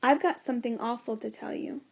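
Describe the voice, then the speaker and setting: A woman voicing an earnest, urgent schoolboy in a storybook reading, sometimes yelling insistently. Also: fairly high pitch, fairly even intonation, fairly quick, creaky. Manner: loud insistent yelling at times.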